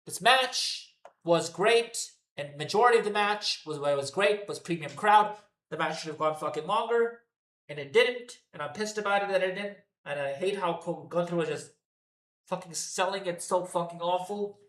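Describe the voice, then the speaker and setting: A man's voice: high voice, moderate pace, a bit bright, reverberant. A man giving an unscripted, profane and exasperated solo rant reviewing a wrestling show.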